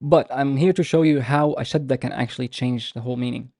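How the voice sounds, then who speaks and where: A man's voice: mid-range voice, a little mellow, no room sound, clean studio sound. A man giving an online language lesson, explaining patiently and stretching out example words to show the sounds. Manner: explanatory, with frequent restarts and drawn-out example words. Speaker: language teacher.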